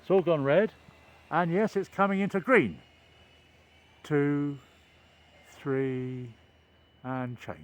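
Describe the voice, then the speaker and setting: A man's voice: on the high side, slow, long pauses. Older man rambling wryly outdoors. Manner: meandering, hesitant, wry self-deprecating humour. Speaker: vlogger. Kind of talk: rambling casual vlog chat. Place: outdoors by a construction site and road.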